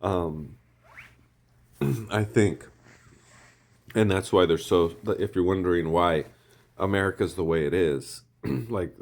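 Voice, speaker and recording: A man rambling through a casual monologue, often clearing his throat and hesitating. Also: low voice, darkish tone.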